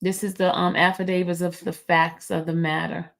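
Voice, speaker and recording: A woman's voice: on the low side, little pitch movement, normal speed, vocal fry. A woman hosting a livestream recap. She reads court filings aloud, stumbling over the legal wording, and talks casually straight to her viewers in chat. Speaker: livestream host.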